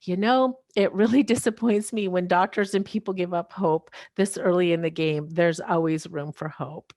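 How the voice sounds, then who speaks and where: Woman, podcast guest, lower voice, dry close mic, storytelling testimony with frequent laughs. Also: steady tone, moderate pace, darkish tone, dry recording. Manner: storytelling, quotes others, laughs often. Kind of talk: personal testimony.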